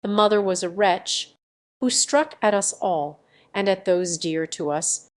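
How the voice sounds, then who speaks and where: A woman's voice: mid-range voice, measured pace, natural voice. A woman voicing a grave, merciful older male nobleman in an audiobook, speaking in a solemn, restraining way.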